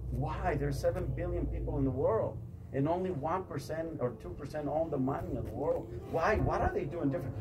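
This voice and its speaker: Man giving a pushy motivational faith talk, far from the mic, noisy room. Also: fairly high pitch. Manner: emphatic, repetitive, questions the audience. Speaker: motivational speaker.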